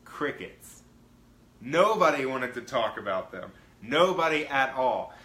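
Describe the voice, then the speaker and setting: A man's voice: medium pitch, big pitch swings, moderate pace, bright, forceful tone, roomy sound, poor audio. A man hosting his own live-stream show, chatting casually and greeting viewers by name in an upbeat way. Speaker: livestream show host.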